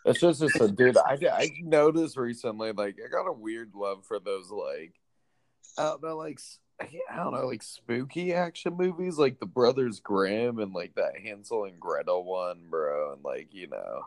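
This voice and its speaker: A man's voice: mid-range voice, expressive, moderate pace. A man co-hosting a casual chat, rambling with lots of fillers and swearing. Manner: rambling, full of "like" and swearing, laughs often.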